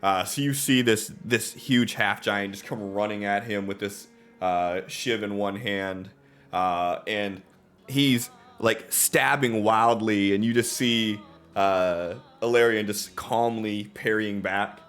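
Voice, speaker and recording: A man's voice: on the low side, steady tone, slow pace, a bit bright, clear, resonant tone. A man narrating a tabletop game as game master, telling the scene in a laid-back way with plenty of ums and uhs. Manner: laid-back, filler-heavy storytelling.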